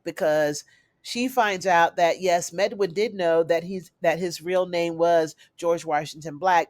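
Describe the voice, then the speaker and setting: A woman's voice: on the low side, no room sound. A woman giving a chatty, casual recap of a TV episode, calling her viewers y'all and honey. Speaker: TV recap reviewer.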